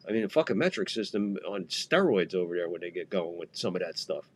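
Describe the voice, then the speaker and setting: Profane, low-voiced baseball podcast host. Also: male voice, very animated, brisk, slight background noise. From United States. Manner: profane, rambling, jokey. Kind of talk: casual live game commentary.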